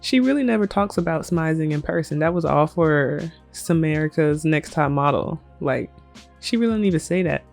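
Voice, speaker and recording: A woman voicing a charming young male model in a life-sim game, relaxed and easygoing. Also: sits low, moderate pace, vocal fry, soft background music.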